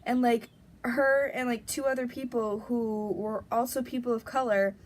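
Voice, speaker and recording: A woman's voice: on the high side, steady tone, moderate pace, a little hiss or hum. A young adult woman vlogger telling a story in a casual, rambling way, packed with fillers and breathless retellings.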